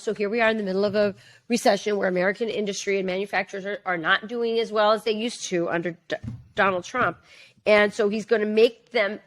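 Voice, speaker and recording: A middle-aged woman co-hosting a podcast, talking in long run-on sentences with many fillers. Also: mid-range voice. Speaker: podcast co-host. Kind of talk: casual political chat.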